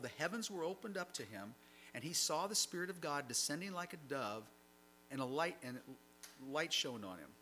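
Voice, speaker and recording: Man, sermon, reads scripture then explains, bright tense voice, slightly high, faint mains hum. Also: poor audio. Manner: reads passages aloud then comments conversationally. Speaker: preacher.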